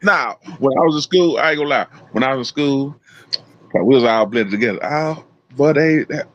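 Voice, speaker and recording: A man's voice: medium pitch, normal speed. A man co-hosting a live podcast, telling stories in casual, profane chat and acting out his own quotes. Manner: profane, animated storytelling with voiced quotes. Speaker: podcast co-host. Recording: dull lo-fi sound.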